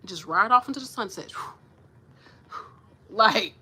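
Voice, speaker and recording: A woman in her thirties talks in a bright, ringing voice. She sits a little high in pitch and speaks frankly, like a big sister, with profanity and slangy asides. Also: lively intonation, brisk, long pauses. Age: 30s. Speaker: nurse vlogger. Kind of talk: casual motivational vlog talk.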